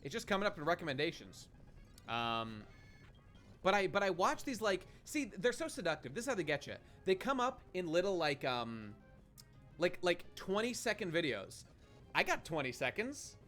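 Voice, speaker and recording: A man's voice: high voice, very animated, normal speed, a bit bright, soft background music. A man streaming a game and chatting with his viewers in a rambling, profane way, often restarting his sentences. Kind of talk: casual live-stream commentary.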